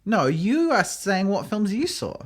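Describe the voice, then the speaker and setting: A woman's voice: mid-range voice, sing-song, a little slow. A woman co-hosting a podcast from a kebab shop, joking and swearing in playful bits. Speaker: podcast co-host. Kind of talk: casual chat.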